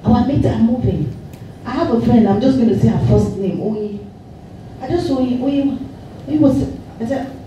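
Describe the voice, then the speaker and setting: Nigerian woman, mellow voice, chatty motivational speaker; roomy hall sound, off-mic, faint hiss. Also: medium pitch, fairly quick. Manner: lively storytelling, mixing in Yoruba, often laughing. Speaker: actress giving a public talk. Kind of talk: motivational talk to a live audience. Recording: echoey hall, voice far from mic, faint noise.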